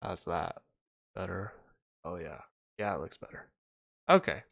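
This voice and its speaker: Low-voiced man muttering through a livestream. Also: a little slow, gravelly, a bit bright. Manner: mumbling, thinking aloud while fixing his audio. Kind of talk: casual livestream chat. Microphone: desk microphone.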